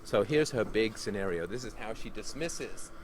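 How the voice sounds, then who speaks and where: A man's voice: fairly low pitch, lively intonation, normal speed, slight background noise. A man hosting a Q&A podcast, talking in a sardonic, joking, digressive monologue. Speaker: podcast host answering listener questions.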